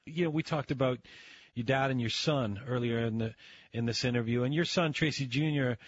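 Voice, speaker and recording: A man interviewing a guest, asking questions in a friendly way and laughing along, with halting restarts. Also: medium pitch, dry recording, dull audio.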